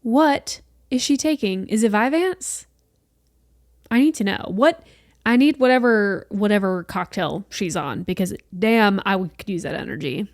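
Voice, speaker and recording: A woman in her late twenties hosting a solo podcast, chatting in an animated way and swearing casually. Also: mid-range voice, a little slow, dry recording, studio quality. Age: late 20s. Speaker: podcast host.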